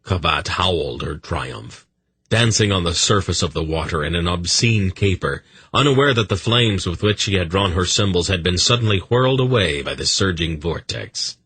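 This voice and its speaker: Deep, husky audiobook narrator. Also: male voice, animated, moderate pace, a bit bright, no echo.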